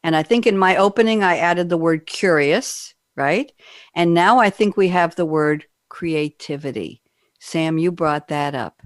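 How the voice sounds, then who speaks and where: A woman's voice: lowish voice, a little slow, no echo, studio quality. A woman hosting a radio panel show, upbeat and gushing, leading her guests with questions.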